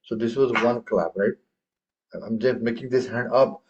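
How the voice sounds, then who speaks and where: A male teacher leads a tabla lesson at a medium pitch, chanting rhythm syllables aloud. He stops often to quiz his students. The recording is dull and lo-fi. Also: fairly even intonation, normal speed, darkish tone. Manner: recites rhythm syllables aloud and quizzes the class. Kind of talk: classroom lesson.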